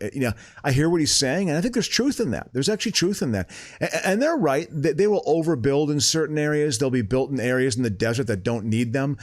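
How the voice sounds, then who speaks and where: A man co-hosting a podcast in casual chat, rambling and animated, swearing freely and restarting his sentences often. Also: mid-range voice, fast talker. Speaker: podcast co-host.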